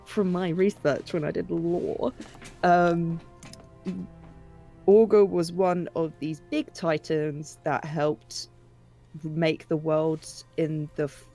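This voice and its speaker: A player in a tabletop game recapping the last session in a loose, chatty way, laughing often and swearing freely. Faint music plays softly underneath. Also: mid-range voice, level tone, takes it slowly.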